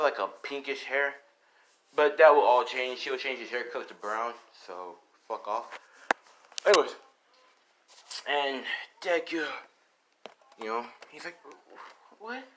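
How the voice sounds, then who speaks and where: A man's voice: mid-range voice, a bit bright. A young man casually narrating an improvised fan story, rambling, swearing and full of fillers. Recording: noisy home recording.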